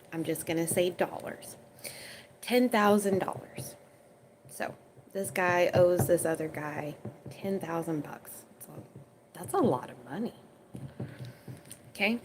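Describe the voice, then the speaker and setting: A woman's voice: on the low side, slow pace, pauses often, slight background noise, rough recording. Oklahoma woman retelling scripture casually. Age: under 40. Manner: reads the King James text, then retells it in everyday slang; answers viewer questions chattily. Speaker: online Bible reader. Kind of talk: scripture reading with casual commentary.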